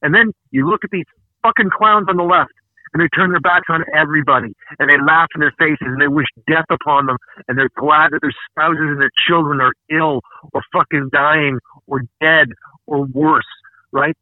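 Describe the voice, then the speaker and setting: A man with a slightly higher-pitched voice rants on a podcast, swearing hard and hammering his points through repeated words. The sound is thin and tinny like a phone line, bone-dry with no room. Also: steady tone, normal speed, no echo. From Canada. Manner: angry, profane, emphatic ranting with repeated words. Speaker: podcast host. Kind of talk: casual podcast rant.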